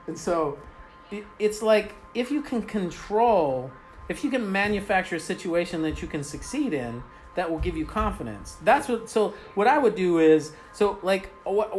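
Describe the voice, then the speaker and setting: A man who coaches men on dating, talking casually on a podcast, rambling with many fillers and a constant "right?". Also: high-pitched. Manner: rambling, filler-heavy, says "right?" often.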